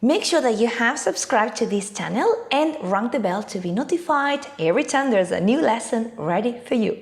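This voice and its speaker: A woman teaching an online English lesson in a clear, emphatic, scripted delivery. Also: on the high side, expressive, normal speed.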